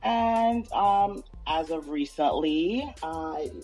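A woman guest on a casual podcast, talking softly and quietly. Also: deep voice, animated, extremely slow, music in the background, rough recording. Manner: soft-spoken, quiet and restrained. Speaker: guest, YouTuber. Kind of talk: casual chat.

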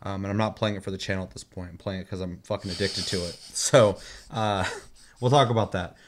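A man's voice: low voice, steady tone, fairly quick, noisy background. A man hosting a casual gaming chat, telling rambling stories full of swearing. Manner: profane, rambling storytelling.

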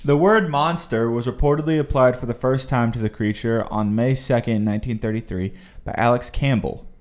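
A man's voice: mid-range voice, brisk, a little mellow. A young man co-hosting a casual podcast, reading facts aloud from his notes with easy chatter. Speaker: podcast co-host.

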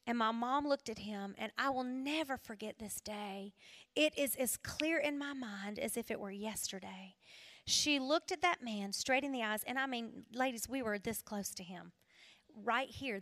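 A middle-aged woman sharing an emotional personal testimony at a women's gathering, her voice rising with feeling and dropping to soft whispers. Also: fairly high pitch, dry recording, clean studio sound. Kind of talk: testimony sermon.

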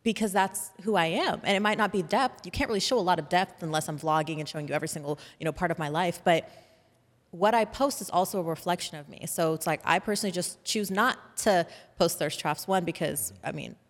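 A woman's voice: fairly low pitch, fairly quick. A woman hosting a podcast in casual conversation, chatty and full of "like" fillers. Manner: chatty, filler-heavy with frequent "like". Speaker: podcast host. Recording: long hall reverb.

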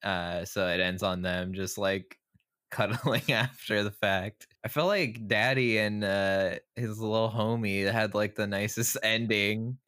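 A man co-hosting a podcast, talking casually about a movie in a lowish voice. He rambles, restarts his sentences and laughs often. The sound is dry and close, with no room echo. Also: fairly even intonation, a little slow, a bit bright. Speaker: podcast co-host. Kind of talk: casual film discussion.

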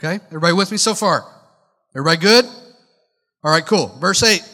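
Bright-voiced pastor preaching in a reverberant church. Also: male voice, high voice, quick pace. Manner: conversational, questions the congregation directly; wry asides and humor. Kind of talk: sermon. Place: church sanctuary. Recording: long hall reverb from church sanctuary.

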